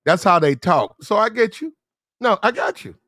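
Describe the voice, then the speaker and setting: A man's voice: high voice, very animated, moderate pace, a bit bright, dry recording, clean studio sound. A man hosting a casual livestream, telling stories in a loose, slangy drawl. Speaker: stream host.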